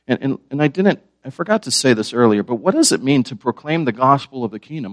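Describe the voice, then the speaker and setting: A man's voice: medium pitch, animated, a little fast, dry recording. A man preaching a sermon, asking his listeners questions and repeating key words. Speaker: pastor.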